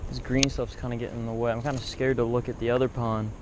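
Man, fishing vlogger, loose rambling talk to viewers, outdoors by a pond with clear background noise. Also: mid-range voice, level tone, fast talker. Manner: rambling, talks to viewers and animals. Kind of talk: casual outdoor vlog.

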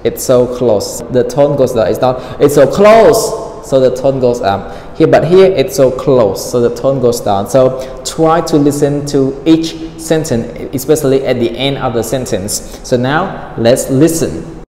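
A man's voice: mid-range voice, mellow. Male teacher in an echoey room. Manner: repeats vocabulary words slowly and demonstrates intonation. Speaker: English teacher. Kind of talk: online classroom explanation. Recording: echoey reverberant room with faint noise.

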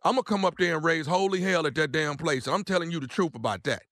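A man playing an irate husband who rants loudly in slangy talk and makes threats. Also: on the high side, quick pace, no room sound, clean studio sound, close to an everyday voice. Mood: blustering. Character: irate loud husband ranting about his wife's eyelashes. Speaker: prank caller.

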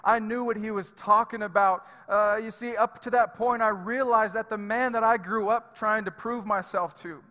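Bright-voiced pastor preaching in a reverberant hall. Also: male voice, high voice, steady tone, normal speed, few pauses. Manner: emphatic, conversational preaching with fillers and repeats. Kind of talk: sermon. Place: church sanctuary.

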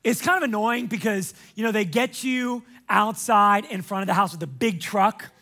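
A man preaching a sermon as pastor, energetic and emphatic, casual and chatty with frequent fillers, sometimes shouting. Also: high-pitched, normal speed.

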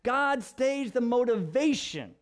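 High-voiced pastor preaching casually. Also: male voice, slow pace. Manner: animated, sarcastic asides, acts out quotes. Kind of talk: casual vlog sermon.

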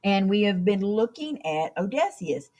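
A woman's voice: medium pitch, big pitch swings, a little slow, darkish tone. A woman teacher talking students through the week's online assignments in a chatty way, often checking in with "okay?". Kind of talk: screen-recorded class instructions.

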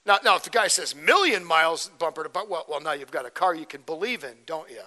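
A man's voice: on the high side, expressive, fast talker, few pauses, pushed and bright, in a large hall. A man preaching a verse-by-verse sermon as pastor, conversational, often checking in with "okay?" and "right?". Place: church sanctuary.

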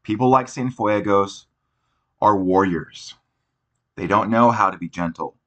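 A man voicing a kind young boy who soothes a frightened little child. He speaks in a soft, reassuring way, with a low, bright voice, as part of a storybook reading. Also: unhurried. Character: gentle young boy comforting a small child.

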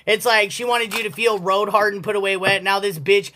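A woman's voice: mid-range voice, fairly even intonation, brisk, sharp tone, slight background noise. A woman giving a casual collective tarot reading, blunt and profane and often breaking into laughter. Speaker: tarot reader.

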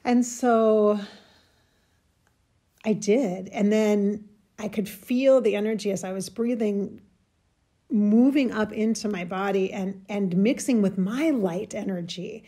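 A woman telling a personal spiritual story in a halting, emotional way, searching for words and getting choked up. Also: mid-range voice, mellow. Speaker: spiritual channel host.

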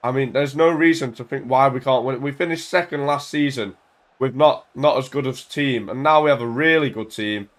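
A young man casually commentating on his own football video game at home into a desk mic, full of banter and bursting into shouts when his team scores. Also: medium pitch, a little fast. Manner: excitable, banter-filled, shouts at goals. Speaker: gaming YouTuber.

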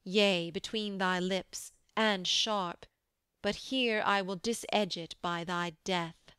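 A woman voicing a proud older knight who speaks coldly and with command. The delivery is slow and smooth, with a dry sound. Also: medium pitch, fairly even intonation, fairly bright tone, dry recording. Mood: stern. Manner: cold and commanding.

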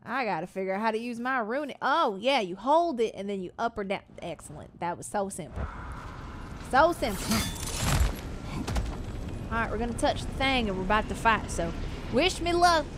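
A woman's voice: fairly high pitch, animated, normal speed, pauses often, background noise. A woman streaming a video game with casual, playful commentary, chatting to herself and her viewers as she plays. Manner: playful, chatty, talks to herself while playing. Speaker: gaming streamer.

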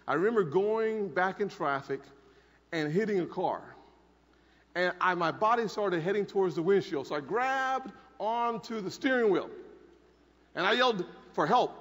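Speaking into a podium mic in a large conference hall, a man in his forties gives an emphatic talk, sharing a personal story and repeating his key lines. His voice sits high with a fairly bright tone, and the dull recording carries a long hall reverb.

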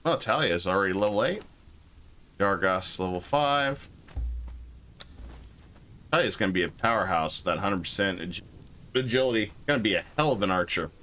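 A man's voice: lowish voice, animated, normal speed, long pauses, sharp tone, a little hiss or hum. A man chatting casually while playing a game online, cracking jokes and puns. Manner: joking, punning. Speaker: streamer. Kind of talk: casual gameplay chat.

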